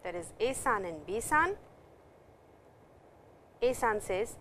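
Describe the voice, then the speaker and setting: A woman's voice: mid-range voice, animated, fairly bright tone. Indian lady teacher walking through japanese grammar, bouncy voice, bit of hiss behind. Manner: explains slowly, reads dialogue lines aloud. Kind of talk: recorded language lesson.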